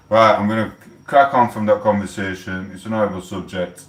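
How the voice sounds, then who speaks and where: A man's voice: lowish voice, moderate pace, fairly bright tone. A man, rambling and swearing in a heated rant on a casual livestream. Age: 40s. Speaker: livestream host. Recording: echoey room, mic held far off.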